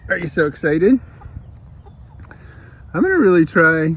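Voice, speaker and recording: A relaxed backyard keeper talks unhurriedly to young emus, regularly lifting into a sing-song, high-pitched baby-talk register. The voice sits at an average pitch. Quiet outdoor ambience and soft bird calls sit behind it. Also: a little slow, pauses often, slight background noise. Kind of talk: casual vlog talking to pet emus. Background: faint outdoor ambience and bird sounds.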